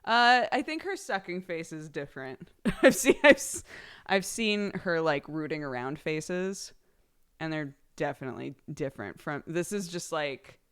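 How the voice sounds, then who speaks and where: Her voice is deep and clean, and she speaks in an animated but unhurried way. This young female streamer chats casually with her live audience, giggling and bubbly, thanking subscribers by name.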